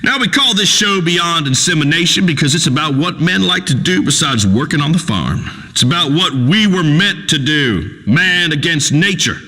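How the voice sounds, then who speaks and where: A man's voice: a little high, very animated, moderate pace, few pauses, sharp tone, in a large hall, exaggerated voice. An actor playing a crude, preachy rural male talk radio host who rambles and pontificates in a folksy way. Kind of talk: radio call-in show acting.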